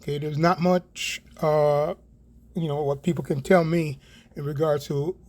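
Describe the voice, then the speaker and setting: A man's voice: on the high side, fairly even intonation, a little slow, a little mellow. A middle-aged Canadian man giving an online Bible prophecy talk, rambling, repeating words for emphasis and often asking "right?".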